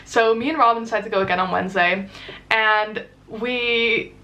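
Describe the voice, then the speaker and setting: This young adult woman talks in a pushed, bright, somewhat high voice with fairly even intonation, and faint music plays in the background. Vlogging casually, she tells a dating story, chatty, fast and full of fillers, acting out the quotes.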